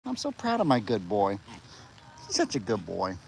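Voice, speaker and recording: A young man chatting casually on a live stream, cooing at animals in a high voice and calling out to them loudly. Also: huge pitch swings, moderate pace, creaky, a little hiss or hum. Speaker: farm livestream host. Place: outdoors on a farm among animals.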